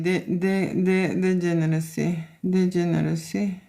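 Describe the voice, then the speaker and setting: A woman's voice: medium pitch, fairly even intonation, a little slow, a little mellow. A woman from Lithuania with a Lithuanian accent, a photographer chatting casually on a livestream and reading out comments, with many "okay?" and "you know" fillers.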